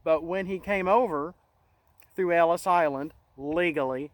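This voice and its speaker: A middle-aged man hosting a casual monologue, talking in an earnest, halting way with many restarts. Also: on the high side, no room sound, low-quality recording. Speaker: channel host.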